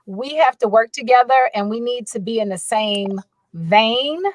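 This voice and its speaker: A woman audiobook narrator in a casual panel chat, animated and quick to act out her own reactions. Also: a little high, poor audio. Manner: animated, quotes her own thoughts aloud.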